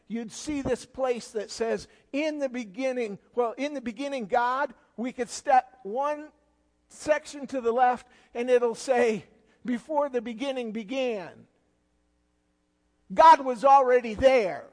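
A man with a strikingly high voice preaching a sermon, taking his time over each phrase. He swings from loud, rising questions down to hushed lines. His voice rings out with a long reverb in a large hall. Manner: preaching with sudden loud rises and quiet drops. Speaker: guest pastor.

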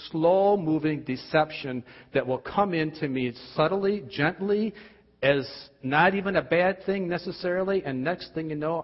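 A man preaching a sermon, asking emphatic rhetorical questions and dropping at times to quiet, intense tones. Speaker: pastor. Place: church. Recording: dull, boomy hall sound.

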